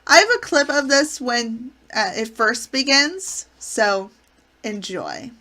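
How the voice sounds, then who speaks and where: A woman's voice: fairly high pitch, big pitch swings, takes it slowly, pushed and bright. A woman hosting her channel, recapping sitcom episodes in an enthusiastic, gushing way. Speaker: channel host reviewing a classic sitcom.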